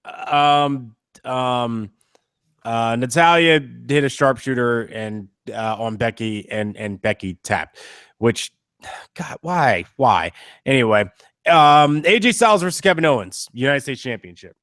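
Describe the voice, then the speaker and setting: A man's voice: mid-range voice, animated, a little slow, fairly bright tone, clean tone, no room sound. Young male co-host, dry sarcastic delivery, no room sound. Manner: dry, blunt, sarcastic asides. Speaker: podcast co-host. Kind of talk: casual chat.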